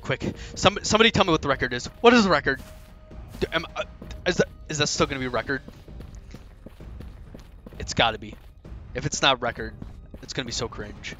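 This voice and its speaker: A young man giving live commentary on his own speedrun, boastful and joking, with sudden loud outbursts. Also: mid-range voice, fairly quick, long pauses, soft background music.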